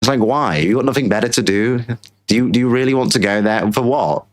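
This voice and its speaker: A man's voice: mid-range voice, brisk. A British man hosting a political show, ranting in casual commentary and repeating himself. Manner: ranting, repetitive, mocking put-on voices. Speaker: show host.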